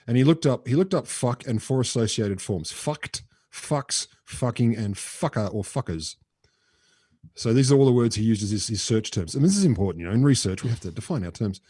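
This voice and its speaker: Australian man, podcast co-host, dark mellow tone, wry delivery, dry close mic. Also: mid-range voice, animated, a little fast, husky, no room sound. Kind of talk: casual science chat.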